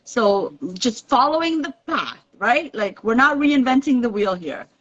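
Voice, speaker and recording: A woman talks about investing in a relaxed, explanatory way, tagging her points with "right?". Her voice sits a little high. The audio is dull and lo-fi. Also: measured pace. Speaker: real estate investor guest. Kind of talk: casual podcast interview.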